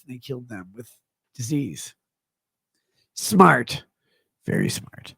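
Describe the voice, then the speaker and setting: A middle-aged man livestreaming, reading chat comments aloud in a slurred, rambling way that swings between mumbles and loud outbursts. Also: medium pitch, big pitch swings, slow, long pauses, no room sound, clean studio sound. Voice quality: gravelly. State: drunk.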